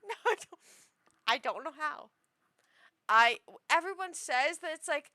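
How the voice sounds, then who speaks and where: A woman's voice: high-pitched, expressive, unhurried, pauses often, pushed and bright, no room sound. A young woman chatting casually on a stream, rambling and self-deprecating with frequent giggles. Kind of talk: casual chat.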